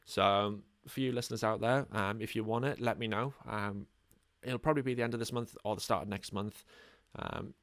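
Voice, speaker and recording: A man's voice: on the low side, a little fast, dry recording. A man with an English accent hosting a casual podcast, rambling along with lots of ums. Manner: relaxed, rambling, many ums. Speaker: podcast host.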